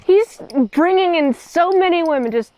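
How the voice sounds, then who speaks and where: Woman, high voice, casual movie review, chatty, joking, rambling asides. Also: lively intonation, moderate pace, a little mellow, no echo, low-quality recording. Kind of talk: casual film recap.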